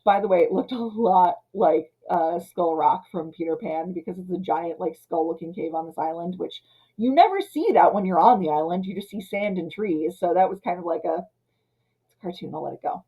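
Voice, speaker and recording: A woman in her thirties casually ranting about an old film, retelling scenes and slipping into quick character voices. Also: on the low side, warm tone, slightly rough, poor audio. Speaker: film commentator. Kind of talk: casual movie rant.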